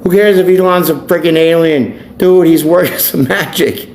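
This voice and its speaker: A man's voice: on the high side, normal speed, darkish tone. A man, a tarot reader and life coach, ranting bluntly and preachily in a profane vlog monologue. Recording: echoey room, faint background noise.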